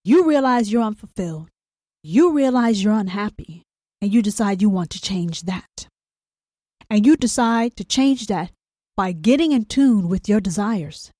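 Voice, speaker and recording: A woman with a somewhat high voice hosts a podcast in a confrontational, profane monologue. She fires rhetorical questions straight at the listener. The sound is close and dry, with no room around it. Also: a little mellow, dry recording. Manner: blunt, confrontational, rhetorical questions, heavy swearing. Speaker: podcast host.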